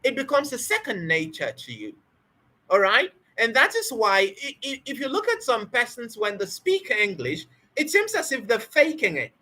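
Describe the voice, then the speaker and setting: A woman's voice: fairly high pitch, huge pitch swings, moderate pace, bright, forceful tone. A woman teaching spoken English in an emphatic motivational talk, repeating key words and asking rhetorical questions.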